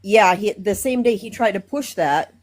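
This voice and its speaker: A woman from Minnesota calling in to a live stream, speaking earnestly and emotionally with halting fillers. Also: mid-range voice, animated. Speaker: caller. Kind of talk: casual call-in talk.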